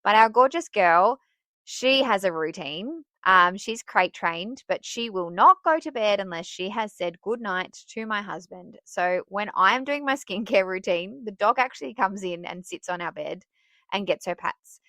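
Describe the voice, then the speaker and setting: A woman's voice: mid-range voice, unhurried, no echo. A woman hosting a podcast for teachers, giving casual advice in a chatty way and laughing at herself. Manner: chatty and self-laughing, with bursts of excitement.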